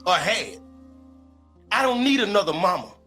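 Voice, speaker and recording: Brief: bright, sharp-toned man arguing hard on a podcast panel, music faintly behind. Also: high voice, very animated, normal speed. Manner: forceful, emphatic, profane. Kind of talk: heated panel debate.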